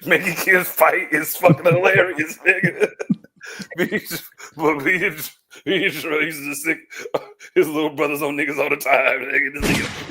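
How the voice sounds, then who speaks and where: A man's voice: on the high side, steady tone, normal speed, bright, forceful tone, slight background noise. A man co-hosting a podcast, telling rowdy, slangy stories in casual chat. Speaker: podcast co-host.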